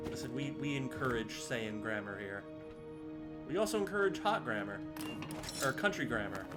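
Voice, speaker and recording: A man streams a game live, giving casual, scattered commentary to his viewers and swearing now and then. His medium-pitched voice is expressive at a moderate pace, with music playing in the background.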